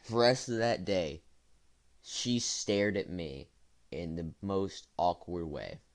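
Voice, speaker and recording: A man's voice: low voice, slow pace. A young man casually telling a rambling story to his viewers, full of fillers and restarts. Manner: rambling, with fillers and self-corrections. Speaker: storytime vlogger.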